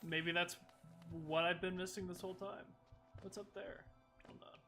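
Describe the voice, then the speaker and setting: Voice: mid-range voice, level tone, moderate pace, a bit bright, soft background music. A streamer hosting a casual gaming stream, playful and self-deprecating. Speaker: streamer host.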